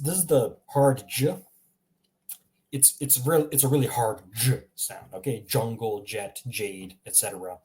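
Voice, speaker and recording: A man's voice: mid-range voice, dark tone. A man giving a casual recorded language lesson, chatty and repetitive, often laughing at himself. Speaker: language teacher.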